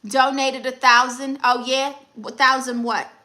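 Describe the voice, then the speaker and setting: A woman's voice: high-pitched, level tone, unhurried, bright, forceful tone. Sassy woman doing a live Q&A. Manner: blunt, sassy advice-giving. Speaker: comedian hosting a live Q&A. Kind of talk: live-stream chat reading comments.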